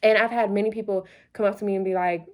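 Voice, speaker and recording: A woman's voice: mid-range voice, steady tone, quick pace, darkish tone. A woman hosting a motivational vlog, talking playfully and preachily to the camera late at night, a little loopy, repeating phrases for emphasis. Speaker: vlog host.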